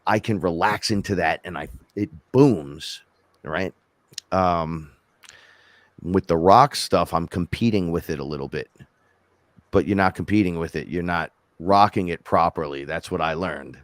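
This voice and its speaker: A rapper co-hosting a podcast, telling rambling, animated stories in casual chat and quoting himself along the way. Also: male voice, deep voice, unhurried, dry recording, clean studio sound. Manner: rambling, animated storytelling with self-quotes.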